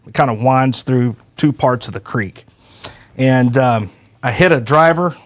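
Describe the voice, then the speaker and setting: A man hosting a podcast, telling stories in a folksy, animated way. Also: medium pitch, unhurried. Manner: folksy, animated, acts out quoted voices. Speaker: podcast host. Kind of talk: casual storytelling chat.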